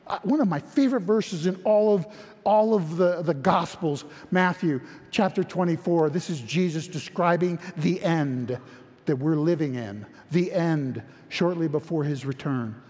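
Man, pastor, sermon, impassioned, repeats himself, slow, long hall echo. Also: on the high side. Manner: impassioned, repetitive restarts, rising to near-shouting.

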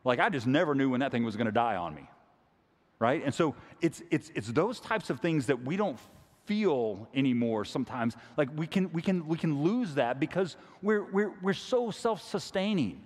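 A man's voice: a little high, animated, moderate pace, in a large hall. A man preaching a sermon in a casual, conversational way, often repeating words as he goes. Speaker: pastor.

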